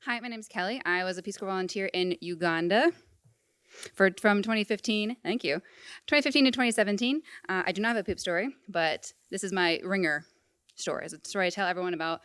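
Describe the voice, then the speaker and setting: A young woman telling a personal story to a live audience, animated and comic. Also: mid-range voice, clean tone, no room sound, clean studio sound. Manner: animated, comic, quick bursts. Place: event hall before an audience.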